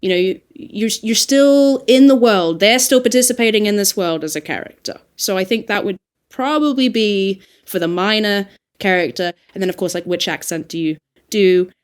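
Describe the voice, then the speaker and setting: A woman with an Australian accent, an audiobook narrator talking through her craft in a casual, animated podcast discussion. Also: medium pitch, normal speed, smooth. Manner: animated, reflective, frequent laughs and fillers.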